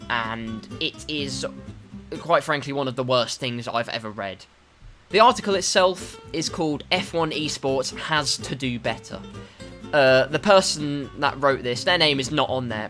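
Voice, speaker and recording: A man giving a sarcastic, swearing commentary about a racing video game on a desktop USB mic. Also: medium pitch. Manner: sarcastic, swearing, swings to shouting. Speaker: gaming commentator.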